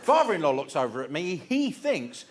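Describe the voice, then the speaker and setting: A man's voice: on the high side, sing-song, normal speed. A man doing a stand-up comedy story on stage, theatrical and mock-anguished. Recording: live stage recording with audience noise.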